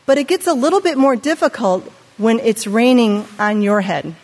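A middle-aged woman preaching a sermon in an animated way, asking her listeners questions and acting out the voices she quotes. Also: a little high, normal speed, in a large hall.

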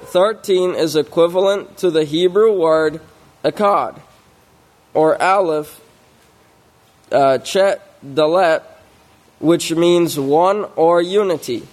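A man preaching slowly through a scripture study, reading verses aloud and pausing on word meanings with fillers and restarts. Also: on the high side, darkish tone. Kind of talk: slow scripture study sermon.

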